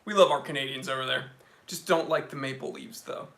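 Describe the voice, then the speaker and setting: A young man hosting a watch channel live stream, chatting casually and excitedly reading out viewer comments. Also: medium pitch, brisk, creaky.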